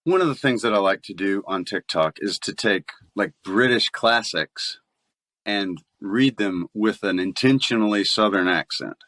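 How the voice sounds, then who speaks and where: Male voice actor guest, low-ish, dry close sound, chatty and playful. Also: unhurried, dry recording. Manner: chatty storyteller, laughs often, animated voice play. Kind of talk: casual podcast interview.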